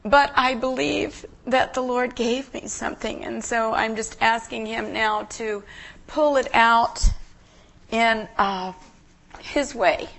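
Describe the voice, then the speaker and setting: A woman guest preacher giving an emotional, earnest sermon in a church, halting and restarting as she speaks. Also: a little high, vocal fry, a bit bright.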